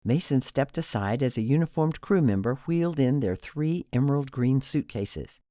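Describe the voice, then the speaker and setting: A man narrating an audiobook in an expressive storytelling manner, on a close studio mic. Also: mid-range voice, normal speed, few pauses, dry recording. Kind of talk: scripted narration.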